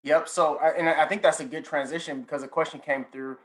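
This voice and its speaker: Panelist, man, measured delivery, cites figures, checks in with the audience. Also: a little high, fairly even intonation, low-quality recording. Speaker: conference panelist. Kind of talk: panel discussion.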